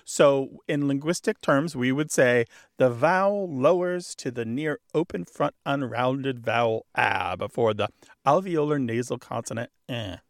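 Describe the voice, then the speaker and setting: Male radio host, studio mic, animated delivery, scholarly and good-humored. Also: mid-range voice, a little slow, no echo. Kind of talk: radio call-in talk. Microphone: studio microphone.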